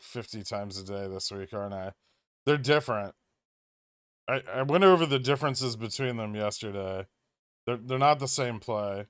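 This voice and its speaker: A man's voice: fairly low pitch, a bit bright, smooth, dry recording, clean studio sound. A man hosting a trading livestream, reading viewer questions and answering them in an offhand, wry way, thinking aloud. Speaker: stock trading livestream host.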